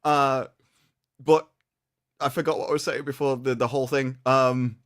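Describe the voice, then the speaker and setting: A man's voice: mid-range voice, steady tone, moderate pace, a bit bright. Blunt sarcastic man co-host. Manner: blunt, sarcastic, mocks others in put-on voices. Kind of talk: casual political chat.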